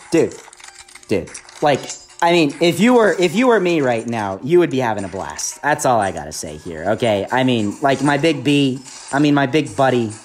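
An excitable woman narrates her own gameplay for viewers, her voice sitting on the lower side and swinging widely in pitch as she reacts. A faint hum of ambience sits under her talk. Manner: excitable, hyped, talks to viewers. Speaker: gaming YouTuber. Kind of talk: live gameplay commentary.

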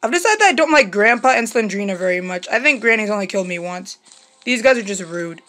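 Fast and expressive, a young woman at medium pitch narrates her horror game let's play for YouTube, letting out shrieks at each scare before mumbling to herself. Her fairly bright tone sounds strained from all the screaming.

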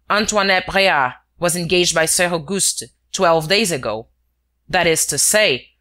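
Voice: medium pitch, sharp tone. A narrator voicing a stubborn veteran police inspector who speaks in a dogged, sententious way.

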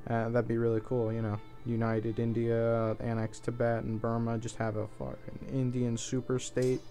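Casual male let's-play host, mid-pitched, offhand, thinking aloud, faint music under him. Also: monotone, normal speed, dark tone. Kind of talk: casual gameplay commentary.

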